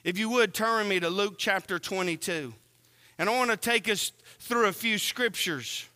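A man preaching a sermon, slow and earnest, asking the congregation questions as he reads from scripture. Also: sits high, sharp tone, smooth, long reverb tail.

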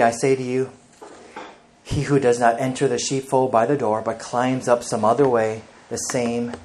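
A man's voice: medium pitch, a little mellow, a little hiss or hum. A male pastor preaching an emphatic sermon, reading scripture aloud and speaking directly to the congregation.

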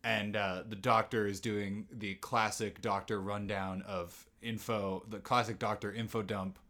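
Low, bright-voiced man co-host. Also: unhurried. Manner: relaxed storytelling, walks through plot with fillers. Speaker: podcast co-host. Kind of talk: casual TV episode recap chat.

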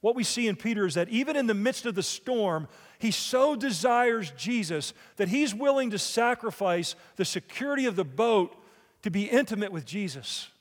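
A man with a high voice delivers a sermon as a pastor, putting questions to his listeners. His voice carries a long reverb, as in a large church hall. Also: animated, normal speed. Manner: preaching with rhetorical questions to the congregation.

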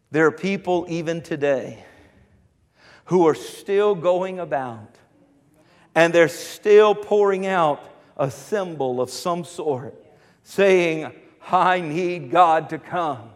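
A man preaching a sermon, repeating his phrases and building up to fervent shouts. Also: fairly high pitch, slow, long pauses, big-room sound.

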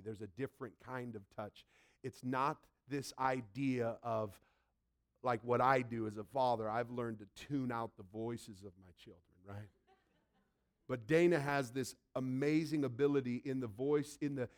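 A man preaching a sermon emphatically, swinging between loud and soft and acting out quotes from the story. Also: mid-range voice. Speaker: pastor.

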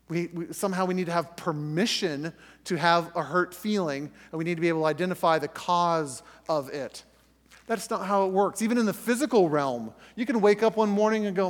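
A man's voice: high voice, normal speed. A middle-aged man teaching a sermon to a group in a conversational way, acting out prayers and correcting himself as he goes. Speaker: pastor. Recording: reverberant hall recording.

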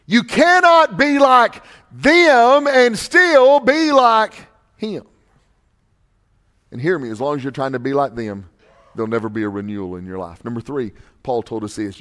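A man preaching a sermon as pastor, swinging from loud, emphatic lines to hushed ones. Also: mid-range voice, brisk.

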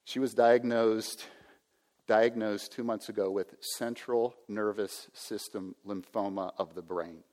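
An older man in his sixties delivers a sermon with a low, steady voice. He speaks earnestly and now and then acts out a self-important inner voice. The sound carries a long reverb from a church hall. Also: a little slow. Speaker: pastor.

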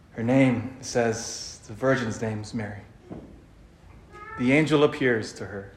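A man preaching a sermon and telling the story dramatically, dropping to a hush and then rising loud. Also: mid-range voice, slight background noise. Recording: echoey room.

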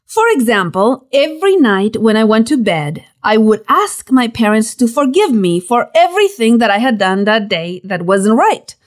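A woman reading a personal story aloud, with lively storytelling and playful emphasis. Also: on the high side, moderate pace, hardly any pauses. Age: young adult. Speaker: narrator.

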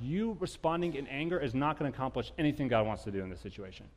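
A married man preaching to his congregation, asking them questions and getting loud and animated when he tells stories. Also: medium pitch, quick pace, hardly any pauses, long reverb tail. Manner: animated storytelling, rising loud when telling anecdotes; addresses congregation directly with questions. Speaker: pastor. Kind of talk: sermon.

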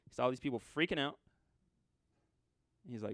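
A man's voice: mid-range voice, moderate pace, pauses often, no echo. Dramatic man preaching a sermon. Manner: conversational, dramatic swings from loud to hushed.

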